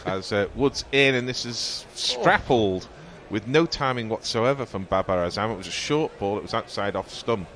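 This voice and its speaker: A man giving measured, descriptive ball-by-ball cricket commentary on the radio, with occasional fillers. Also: fairly low pitch, animated, a bit bright.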